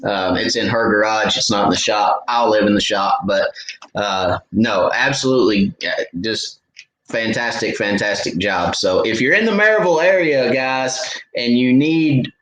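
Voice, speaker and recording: A man's voice: lowish voice, moderate pace, a bit bright. A middle-aged man hosting a fishing live stream Q&A, chatting casually with lots of "uh" fillers. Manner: laid-back, chatty, frequent "uh" fillers. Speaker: fishing channel host. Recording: echoey room, faint background noise.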